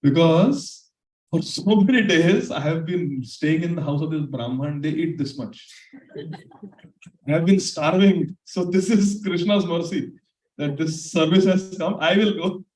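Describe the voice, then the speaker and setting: A man's voice: fairly high pitch, measured pace, darkish tone, reverberant, recorded from a distance, close to an everyday voice. A man voicing a huge, hungry, cheerful strongman who speaks jovially and boastfully.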